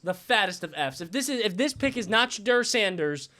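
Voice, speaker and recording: High-voiced, excitable young streamer man. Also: fairly quick. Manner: excitable, repetitive, profane outbursts. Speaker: fantasy football streamer. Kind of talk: live draft reaction stream.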